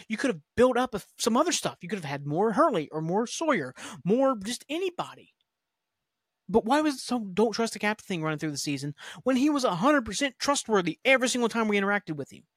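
A man rambles through a TV episode recap on his podcast, swearing freely and acting out quoted lines. His voice sits a bit high for a man. The recording is dry, with no room sound. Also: no echo. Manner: rambling, profane, animated retelling with quoted lines. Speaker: podcast host. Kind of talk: casual solo rewatch recap.

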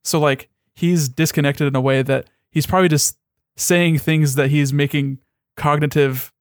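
A man's voice: fairly high pitch, fairly even intonation, normal speed, dry recording, clean studio sound. A young man in casual chat as a podcast co-host, rambling and swearing freely, with many restarts.

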